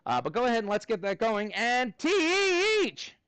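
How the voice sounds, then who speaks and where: A man teaching math to a class, playful and animated, calling on students by name. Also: sits high, fast talker, clear, resonant tone.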